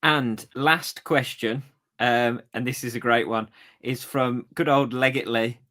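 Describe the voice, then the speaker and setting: A man's voice: medium pitch, fairly even intonation, a little slow, bright, forceful tone. A man co-hosting a running podcast, asking questions and cheering others on in a casual chat. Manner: supportive, asks questions, laughs along. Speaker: podcast co-host.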